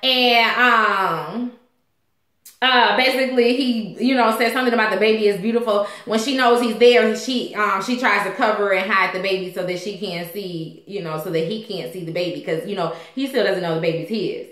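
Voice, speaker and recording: A woman casually recapping a TV episode, chatty and animated, acting out the characters and a little tipsy. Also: mid-range voice, normal speed, echoey room. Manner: chatty, animated, loud quoting of characters, frequent laughs. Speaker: TV recap host.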